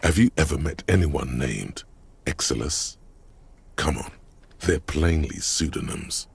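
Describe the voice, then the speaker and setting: Super deep gravelly narrator guy, husky, dry close mic, wry and measured. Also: expressive, full character voice. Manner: sardonic, measured second-person narration. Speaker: game narrator. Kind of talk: scripted voiced narration.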